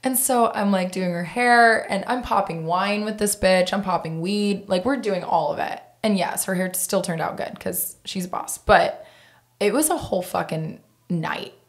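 A woman's voice: medium pitch, normal speed. A woman in her thirties, a hairdresser, telling stories in casual podcast chat, candid and profane, with lots of fillers. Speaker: guest hairdresser.

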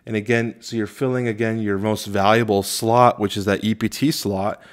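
A man reviewing a tabletop game, reading rule text aloud slowly and thinking out loud with many fillers and restarts. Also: lowish voice, fairly even intonation. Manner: halting, many fillers, reads rules slowly.

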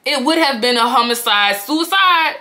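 A woman's voice: high voice, lively intonation, normal speed, sharp tone. A young woman vlogger telling a personal story in a candid, profane and dramatic style, with spoken sound effects. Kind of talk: storytime vlog.

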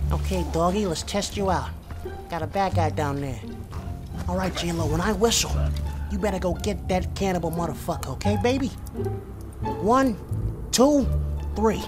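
A brash, swaggering mafia mob boss who swears in nearly every breath, put on by a man. He brags and bristles, then gets jumpy, in a voice pitched fairly high. Game music plays clearly behind him. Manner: swears constantly, cocky boasting mixed with jittery nerves. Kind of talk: in-character gameplay commentary.

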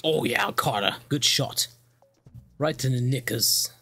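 A man's voice: mid-range voice, takes it slowly, pushed and bright. A young man speedrunning a game and narrating it casually, cracking crude jokes, swearing freely and laughing often. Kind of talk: casual gameplay commentary.

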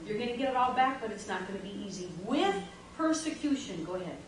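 A woman's voice: a little high, lively intonation, fast, slight background noise. A woman preaching a sermon to a room of women, emphatic and asking the audience questions directly. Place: large echoey meeting room. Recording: very echoey room, distant mic.

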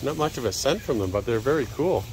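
A man's voice: medium pitch, fast talker. Chatty Canadian man vlogging outdoors. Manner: relaxed, chatty, addresses viewers and partner often. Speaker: travel vlogger. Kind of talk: casual walking commentary to viewers. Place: garden nursery, outdoors and in greenhouse. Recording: outdoor recording with background noise.

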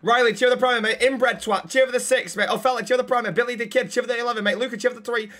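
A man streaming a police role-play game, loud and cheeky, swearing freely and reading out chat shout-outs. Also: very high voice, fairly even intonation, very fast. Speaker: streamer playing a police officer.

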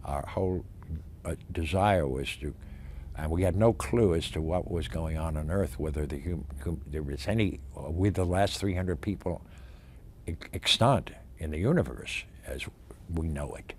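An older male actor being interviewed about his career, talking in an emphatic, animated way with many restarts and stammers. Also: very deep voice, moderate pace, a little hiss or hum.

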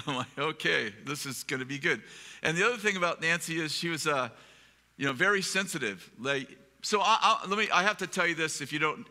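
Man, preacher, humorous rambling story, sharp bright tone, echoing hall. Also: fairly high pitch. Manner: humorous, rambling, self-deprecating. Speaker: pastor. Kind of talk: storytelling sermon. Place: live event hall.

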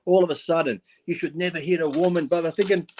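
A man's voice: a little high, fairly even intonation, fast talker, a little mellow. A man, a guest on a live stream, chatting bluntly and profanely as he tells stories and acts out quotes. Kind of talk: casual chat on a live stream.

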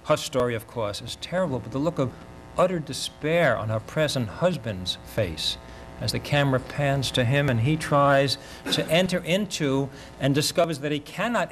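An older man giving an academic lecture in a measured, reflective way, often pausing mid-thought. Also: mid-range voice, slight background noise, poor audio. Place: university lecture.

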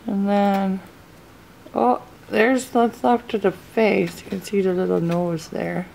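A woman's voice: medium pitch, flat delivery, slow pace, vocal fry, warm tone, a little hiss or hum. A mother in her thirties filming a family vlog, chatting fondly to her dog in a sing-song voice. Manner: sweet baby-talk to her dog. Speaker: vlogger. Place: home, then a car. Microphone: handheld camera.

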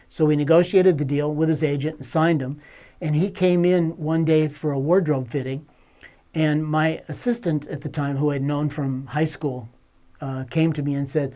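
An older male film director telling a behind-the-scenes story in a relaxed, conversational way. His voice is mellow and warm, and he slips into the dialogue as he quotes it. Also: on the high side, normal speed. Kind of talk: anecdote told to camera.

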